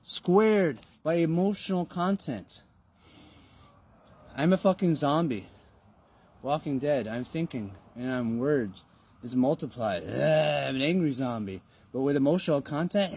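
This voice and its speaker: A man's voice: fairly high pitch, expressive, a little slow, a little mellow, slightly rough. A man giving a motivational monologue in an emphatic, preachy way, with rhetorical questions and some swearing.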